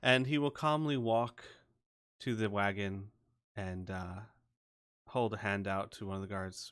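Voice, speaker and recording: A man with a somewhat low voice narrates a tabletop role-playing session as game master. His delivery is relaxed and loose, with plenty of filler words between descriptions. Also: a little slow, clear, resonant tone.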